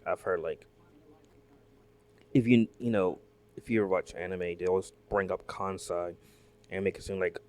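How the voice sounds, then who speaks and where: A man hosting a reaction video, chatting casually, rambling with many fillers and restarts and asking the viewers questions. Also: deep voice. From Southern United States.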